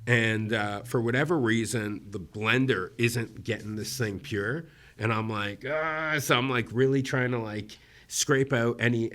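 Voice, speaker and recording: A man from Egypt, a comedian guest, telling a story casually and acting out the voices of the people in it. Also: on the low side. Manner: animated, acts out quoted voices.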